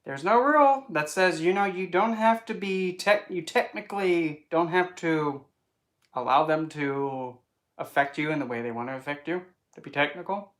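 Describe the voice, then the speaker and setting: A spiritual vlogger with a medium-pitched, slightly bright voice chats to camera at a moderate pace, rambling playfully and slipping into put-on voices. Wordplay and asides run throughout.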